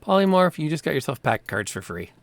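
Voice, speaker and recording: A man narrating a streamed tabletop game as game master, in an animated, dramatic storytelling manner. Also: on the high side, quick pace, no room sound.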